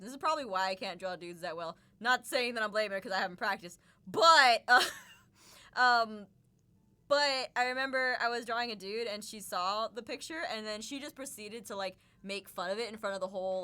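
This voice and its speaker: A woman hosting a livestream, chatting casually while playing a card game, talkative and quick to laugh. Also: on the high side, bright, forceful tone. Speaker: livestream host.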